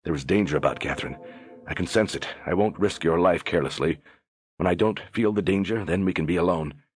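A man's voice: low-pitched, a little fast, natural voice. A man voicing a stern young lord who lectures firmly. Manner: firm, lecturing.

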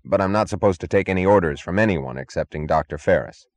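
A man's voice: low voice, quick pace, lightly acted. A man reading an audiobook, voicing a frightened male guard who stammers and pleads in a whine. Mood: pleading, panicky.

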